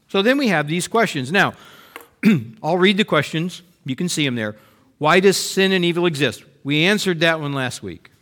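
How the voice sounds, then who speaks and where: A man preaching a sermon as pastor, talking to the congregation and acting out heartfelt prayers and complaints to God. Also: fairly high pitch. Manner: expressive, acts out voiced prayers and complaints.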